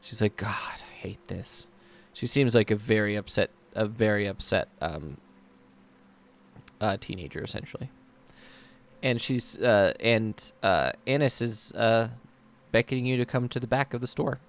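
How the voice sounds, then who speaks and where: A man's voice: fairly low pitch, normal speed. Casual male game master, loose and chatty. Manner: casual, laughing, full of fillers. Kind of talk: narrating a tabletop game.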